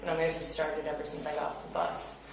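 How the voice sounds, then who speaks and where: Young woman telling a story, lots of "like", far off mic, boomy room, some hiss. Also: completely flat delivery, fast, heavy reverb. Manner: chatty, full of fillers, acts out quotes. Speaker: interviewee recounting an incident. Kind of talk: casual retelling. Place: interview room.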